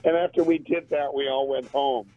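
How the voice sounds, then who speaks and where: A man's voice: mid-range voice, normal speed. Man telling stories over a tinny phone. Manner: animated, laughs often while telling stories. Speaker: interview guest, band drummer. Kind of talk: casual storytelling.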